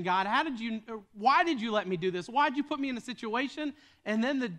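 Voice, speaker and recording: Young male preacher, high voice, earnest, stumbles and restarts, sermon delivery. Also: fairly bright tone. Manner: earnest, repeats words when starting sentences. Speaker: pastor.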